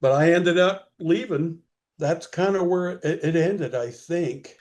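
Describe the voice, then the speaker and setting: A man as an interview guest, telling a rambling story slowly with many fillers. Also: fairly high pitch, darkish tone.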